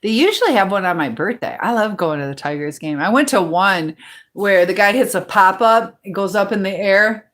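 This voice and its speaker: A woman rambles through a relaxed livestream from her home. She is chatty and loose, with plenty of ums and side tangents, and she reads viewers' comments aloud between her own stories. Her voice sits at an ordinary middle pitch. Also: normal speed. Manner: chatty and rambling, full of fillers. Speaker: livestream host. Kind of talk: casual live chat, reading viewer comments aloud.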